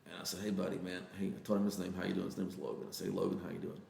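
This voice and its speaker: Gravelly, low-voiced Texan man telling a story. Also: little pitch movement, a little mellow, echoey room. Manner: earnest, halting storyteller with many fillers. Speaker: interview guest. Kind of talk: casual storytelling interview.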